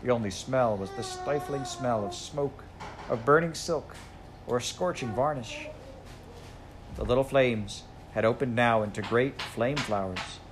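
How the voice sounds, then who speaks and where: A man's voice: medium pitch, unhurried, noisy background. Man reading a storybook aloud. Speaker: audiobook reader. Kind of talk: storybook narration.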